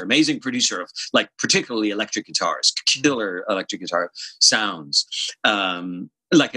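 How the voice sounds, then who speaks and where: Bright-voiced man telling stories. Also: dry recording, rough recording. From Ireland. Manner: animated, profane, hums bass lines. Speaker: guest session bassist. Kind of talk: casual storytelling interview.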